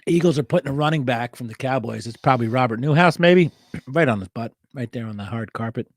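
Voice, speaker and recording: A man's voice: mid-range voice, fast, no room sound, studio quality. Wry man reading old trading cards. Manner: wry, offhand, reads card backs aloud. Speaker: host. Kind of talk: casual card show monologue.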